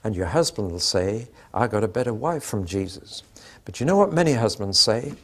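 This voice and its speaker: A man's voice: lowish voice, lively intonation, moderate pace, breathy edge. An older man preaching a sermon, telling anecdotes with dry humour and acting out the dialogue.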